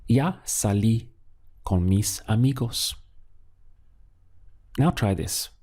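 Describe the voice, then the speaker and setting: This language teacher has a fairly low, husky, mellow voice and talks slowly and expressively. With patience, he asks how a phrase should be said before giving the answer himself.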